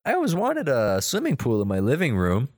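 A man's voice: mid-range voice, wildly swooping pitch, brisk, darkish tone, no echo, voice pushed up. Man voicing a bossy scheming little girl, boastful, retold casually in a dry close recording. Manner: boastful, demanding.

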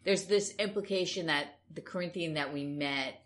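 Casting note: woman with a very low voice, easygoing co-host, musing and rambling. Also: normal speed, a bit bright. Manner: thoughtful, rambling, with hedging fillers. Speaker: podcast co-host. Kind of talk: casual comic book discussion.

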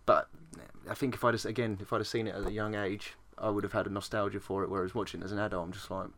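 A man's voice: lowish voice, little pitch movement, rapid-fire, a bit bright, slight background noise. A man co-hosting a casual podcast, joking, swearing and laughing often. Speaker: podcast co-host. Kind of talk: casual chat.

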